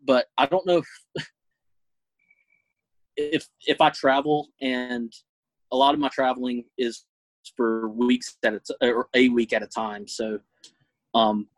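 An earnest young man answers interview questions in a casual, halting way, pausing often with fillers as he thinks. His voice sits at an ordinary pitch for a man. The sound is dry and close, with no room around it. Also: fairly even intonation, dry recording, low-quality recording. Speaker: guest, food reviewer.

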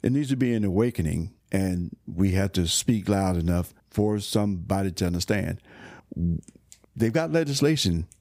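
A man's voice: low voice, expressive, normal speed, a little mellow, no echo, studio quality. A man speaking as a church minister in an earnest, exhorting conversation, restarting often and pushing up into sudden emphatic bursts. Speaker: church minister co-hosting a faith discussion.

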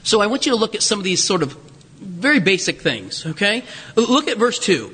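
A male pastor delivers a sermon in a high, swooping voice. His tone is bright and lively, mixing humor and asides with teaching. The sound carries a long reverb from a church sanctuary. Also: brisk, slightly rough. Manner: animated storytelling with humor and asides.

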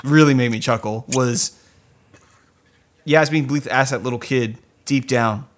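A man's voice: mid-range voice, unhurried. A man co-hosting a casual podcast about a film, swearing freely and acting out quotes from the movie. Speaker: podcast co-host. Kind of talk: casual movie review chat.

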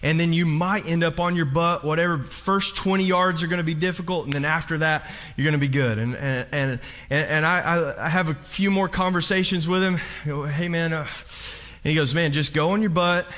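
A man's voice: on the high side, a little fast, a little hiss or hum. A middle-aged man preaching a sermon, telling a story and acting out what people said. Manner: animated storytelling, acts out quotes with voice shifts. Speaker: pastor.

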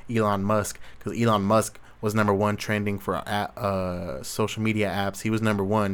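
A young Southern California man with a smooth voice on the low side hosts a solo Q&A. He delivers a casual rant monologue that rambles, swears and overflows with slang.

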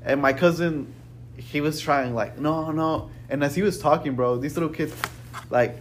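A young man casually telling a rambling, profane story to friends, peppered with "bro" and "right?"; he says he is a little high. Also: moderate pace, a little hiss or hum.

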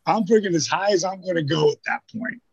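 Older guy spinning loose salty stories, high gravelly voice. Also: fast, no room sound, dull audio. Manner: rambling, profane, acts out quoted lines. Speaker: storyteller guest. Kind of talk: casual anecdotal storytelling.

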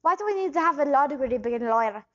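A woman's voice: sits high, expressive, racing, a bit bright, dull audio. A woman improvising a bumbling scammer who poses as a doctor, rambling and switching accents. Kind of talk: improvised comedy interview.

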